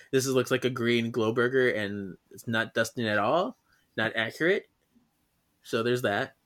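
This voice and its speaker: A man's voice: mid-range voice, measured pace, a bit bright. Male podcast host, casual and giggly, mid-range voice. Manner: chatty, laughs often, leads the segments. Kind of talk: casual chat.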